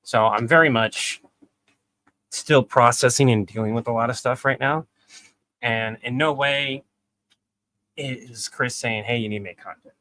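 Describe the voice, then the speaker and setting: A man hosting a live stream, chatting casually in a relaxed, rambling way with many fillers. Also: medium pitch, unhurried, long pauses, dry recording.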